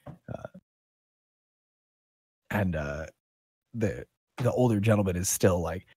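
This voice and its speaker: A man running a tabletop game as game master, narrating in a relaxed, rambling way with many fillers. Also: low-pitched, takes it slowly, breathy edge, no echo.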